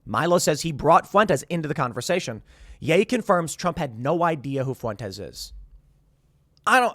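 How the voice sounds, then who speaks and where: A man in his thirties with a fairly high voice talks straight to camera as the host of his show. He rambles and restarts, slipping into quick quoted asides. The sound is close and dry. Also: fairly bright tone, no echo. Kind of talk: casual commentary to camera.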